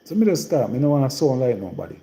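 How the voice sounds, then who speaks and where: A man's voice: mid-range voice, big pitch swings, fast talker, vocal fry, mellow, roomy sound, low-quality recording. A man from Jamaica speaking in a rural Trelawny patois accent, rambling and repeating himself in a casual live-stream monologue. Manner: rambling and repetitive, in heavy patois.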